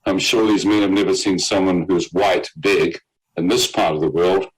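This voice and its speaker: A man with a lowish voice tells his story of nearly dying. He gets animated, slips into other people's voices for their lines, and chuckles at his own bad luck. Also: moderate pace, breathy edge, poor audio. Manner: animated storyteller, quotes others in character, laughs at himself. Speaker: guest telling his testimony. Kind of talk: personal testimony storytelling.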